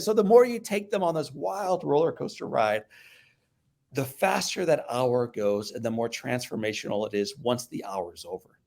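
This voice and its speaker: A middle-aged man from the Midwest, a motivational speaker and podcast guest, telling a personal story in an animated way, hushing low and then getting loud. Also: normal speed, gravelly. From American Midwest. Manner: animated storyteller, acts out voices and swings from hushed to loud.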